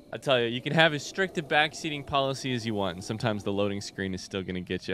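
A man's voice: mid-range voice, animated, brisk, a bit bright, slight background noise. A man hosting a casual let's-play video, chatting animatedly and talking back to the creatures in the game. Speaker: gaming video host.

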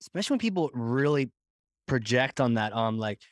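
A man's voice: mid-range voice, sing-song, fairly quick, no room sound, clean studio sound. A man hosting a podcast, asking questions in an easygoing, jokey way. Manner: easygoing, jokey, laughs along. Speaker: podcast host. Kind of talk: casual podcast interview.

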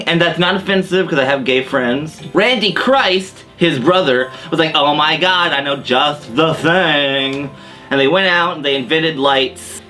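A man's voice: fairly high pitch, bright, forceful tone. Tipsy man rambling mock history. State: drinking wine, getting tipsy. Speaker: comedic history show host. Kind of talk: deadpan comedic monologue.

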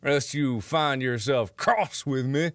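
A man putting on a slow, drawling, menacing voice to taunt would-be cheaters. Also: medium pitch, fairly bright tone, dry recording, clean studio sound, lightly acted. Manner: slow, drawn-out, threatening.

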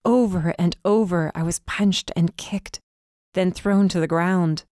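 A woman reading a first-person dark fantasy story as audiobook narrator, with tense, urgent delivery. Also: fairly low pitch, measured pace, dry recording, studio quality.

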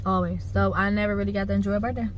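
A woman in her twenties chatting playfully and loudly to viewers from a car. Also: mid-range voice, fairly even intonation, racing, low-quality recording. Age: 20s. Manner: loud, playful, talks straight to viewers. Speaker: vlogger, mother. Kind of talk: casual car vlog chat. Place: in a car at a gas station.

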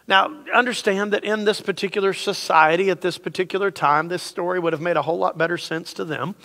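A high-pitched, bright-voiced man preaches to his congregation, animated and acting out the characters he quotes. His voice rings with a long reverb through a church sanctuary. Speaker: pastor. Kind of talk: sermon.

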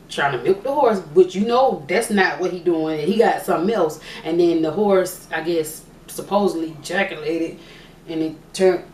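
A young woman with a lowish, somewhat mellow voice chats and jokes while answering questions for her vlog, often thinking aloud. The recording picks up an echoey room, faint hiss, and a far-off mic.

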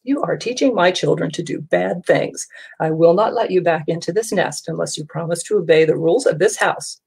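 A woman voicing a strict mother bird who scolds her chicks, with a husky, gravelly voice. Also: on the low side, brisk, a little mellow, full character voice. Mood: scolding.

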